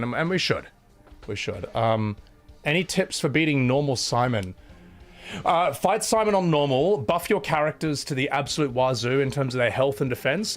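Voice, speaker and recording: A man with a Scottish accent chatting casually on a live stream, blunt and sweary, thanking viewers between rants. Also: medium pitch. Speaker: livestreamer.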